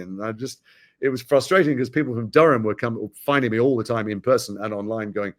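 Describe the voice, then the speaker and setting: A man from Britain, talking frankly and wryly as an actor guest in an interview. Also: mid-range voice. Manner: animated, wry, frank, quick-talking. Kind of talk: candid interview conversation.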